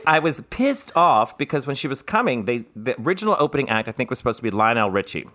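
Lively, bright-voiced man, animated and profane. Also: medium pitch, fast. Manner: animated, profane, dramatic storytelling. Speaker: podcast host. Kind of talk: casual chat.

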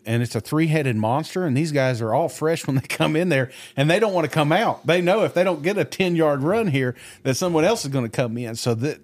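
A man's voice: mid-range voice, dry recording. A man co-hosting a football podcast in casual chat. He talks animatedly, swears freely and often restarts his words, recorded dry and close. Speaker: podcast co-host. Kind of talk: casual sports talk.

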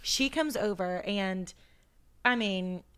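A woman's voice: mid-range voice, slow, fairly bright tone, clear, resonant tone. A young woman co-hosting a podcast in casual chat, retelling a night out with quoted dialogue and an amused tone. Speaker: podcast co-host.

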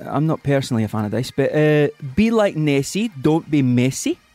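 A man's voice: fairly high pitch, very animated, fairly quick, mellow, no echo. A man putting on a polite Scottish council man. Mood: earnest, polite. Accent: Scottish put-on. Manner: hesitant, apologetic, many fillers. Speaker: radio host doing a prank call.

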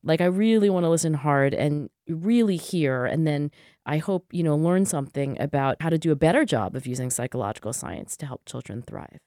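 A woman psychologist and author being interviewed, speaking in an earnest, thoughtful way with quick restarts. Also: low voice, lively intonation, dark tone, no room sound, clean studio sound. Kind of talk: interview conversation.

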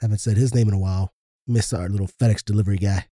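A man co-hosting a podcast, easygoing, reading out listener shout-outs in casual chat. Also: on the low side, fairly even intonation, very fast, dry recording, studio quality. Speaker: podcast co-host.

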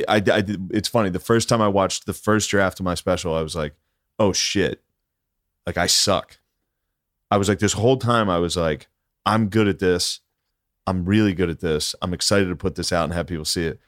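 A man appears as a comedian guest in casual chat, laid-back and quick to run himself down. His voice is very deep, and it is recorded dry and close with no room sound. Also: no room sound. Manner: laid-back, self-deprecating, swears casually.

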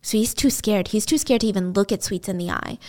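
A woman's voice: medium pitch, brisk, a little mellow. Chatty, blunt woman storyteller. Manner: chatty, blunt, swears, lots of "like". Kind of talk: casual true-crime retelling.

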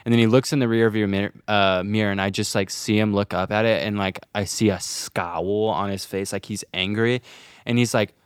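A man's voice: on the low side, a little fast, clean tone, dry recording, studio quality. A young man co-hosting a podcast, telling a story in casual chat, swearing freely and acting out the people he quotes. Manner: animated, swearing, acts out quotes. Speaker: podcast co-host.

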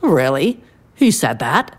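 A woman voicing a stubborn, hot-tempered man in a storybook tale, yelling in a high, strained voice. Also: sing-song, slow pace, husky, full character voice. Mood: worked up. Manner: shrill, yelling.

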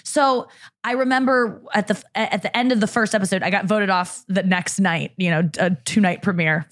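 A woman's voice: medium pitch, steady tone, fairly quick. A young woman comedian, a guest on a podcast, chatting candidly and laughing often. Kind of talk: casual chat.

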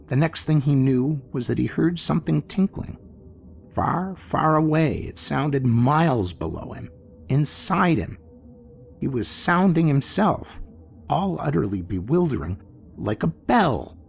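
A man narrating a classic horror story in an expressive, theatrical manner. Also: mid-range voice, gravelly. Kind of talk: dramatic horror story reading. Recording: faint music bed behind.

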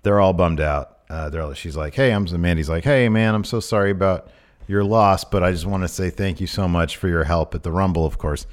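A man's voice: deep voice, steady tone, a little fast. A man co-hosting a podcast, chatting in a laid-back, easygoing way. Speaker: podcast co-host. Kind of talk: casual recap chat.

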